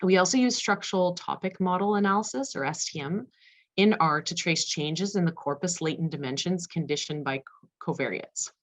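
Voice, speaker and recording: Woman panelist, low-pitched, presenting research at a brisk clip with filler words. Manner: fast-paced, self-aware of speed, frequent fillers. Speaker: conference panelist. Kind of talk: academic presentation.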